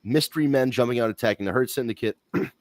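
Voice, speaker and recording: A man's voice: mid-range voice, quick pace, a little mellow, no echo, studio quality. A man hosting a wrestling podcast, giving blunt, rambling opinions in casual talk and swearing freely.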